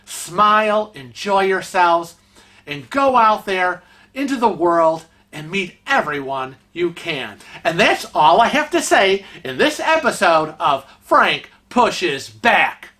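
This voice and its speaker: A man's voice: high-pitched, big pitch swings, slow pace, pushed and bright. A man hosting a vlog segment on cruise etiquette, calling out bad behavior in an indignant, emphatic way. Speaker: vlog host.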